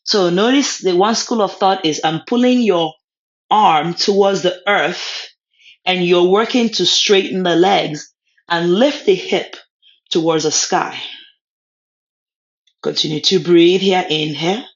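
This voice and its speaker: A woman leading a yoga class, giving short calm cues for poses and breathing with a word of encouragement now and then. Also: lowish voice, slow pace, long pauses. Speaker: yoga instructor. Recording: slightly dull lo-fi sound.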